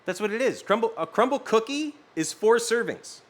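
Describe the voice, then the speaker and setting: A man chats with his live-stream audience in a loose, rambling way, swearing freely. His voice sits a bit high and swings widely, jumping up for excited reactions. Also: normal speed. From US West Coast. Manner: animated, swearing, rambling storytelling. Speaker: streamer reading chat. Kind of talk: casual live-stream chat.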